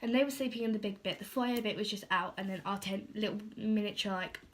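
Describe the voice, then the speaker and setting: A woman's voice: mid-range voice, fast, very noisy. A teenage girl, telling a storytime vlog in a chatty, filler-heavy way and acting out what people said.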